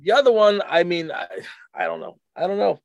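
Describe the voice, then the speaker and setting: A middle-aged man co-hosting a casual chat, rambling and halting with many restarts. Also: high voice, huge pitch swings, vocal fry. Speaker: podcast co-host.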